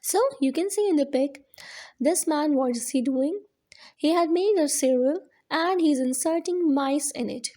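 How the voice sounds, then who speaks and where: A woman teacher explains a lesson at an unhurried pace. Her voice sits high and mellow, and she goes step by step, circling back to repeat her points. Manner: slow, explaining step by step with repetitions. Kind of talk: classroom lesson on limericks.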